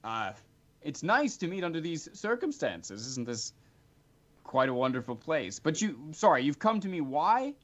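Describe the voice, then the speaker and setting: A man's voice: on the high side, very animated, normal speed. A man voicing an eager, chatty ginger-haired wizard in his thirties, heard on a dull lo-fi recording.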